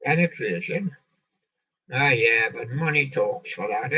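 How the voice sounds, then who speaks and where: Slow, joking man, lo-fi distant sound. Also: mid-range voice, animated, pushed and bright, slightly rough. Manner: slow, punning, quips after each song title. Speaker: show host reading out song lists. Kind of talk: rambling live-stream chat with jokey asides. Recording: dull lo-fi sound, off-mic.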